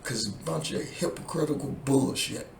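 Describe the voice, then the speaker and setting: A vlogger with a gravelly, medium-pitched voice speaks at normal speed in an angry, profanity-laden political rant that repeats the same points. The room echoes with faint ambience, plus a little hiss or hum.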